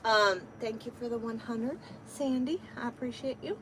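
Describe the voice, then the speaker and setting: A woman's voice: a little high, moderate pace, slight background noise, low-quality recording. A woman truck driver chatting casually on a live stream from inside her truck cab, talking to her viewers and her cat.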